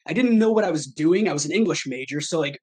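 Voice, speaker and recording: A man's voice: fairly high pitch, expressive, fast talker, a little mellow, slightly rough. A man in his thirties from Michigan, chatting as a podcast guest in a rambling, self-deprecating way, laughing often. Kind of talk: casual chat.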